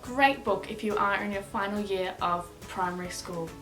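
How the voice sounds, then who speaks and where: A woman's voice: medium pitch, normal speed, a bit bright, faint music behind. A young woman with an Australian accent, chatting casually and upbeat through a book review vlog, rambling with fillers. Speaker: book vlogger.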